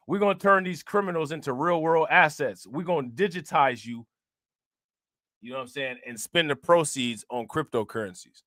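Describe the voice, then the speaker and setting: A male host with a sharp, bright, fairly high voice talks through crime news at a moderate pace, using loose slang, laughing often, and shouting out his viewers. It's casual reaction commentary, recorded close and dry with no room sound.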